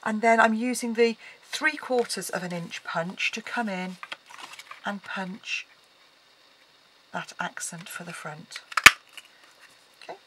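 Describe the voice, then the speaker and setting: A woman talks through a card-making project at her craft table, in an easy, chatty way with plenty of ums. Her voice sits at an ordinary middle pitch for a woman. A loud, steady noise runs under the whole recording. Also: slow pace, long pauses. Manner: chatty, explaining while working, frequent ums. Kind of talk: casual craft tutorial.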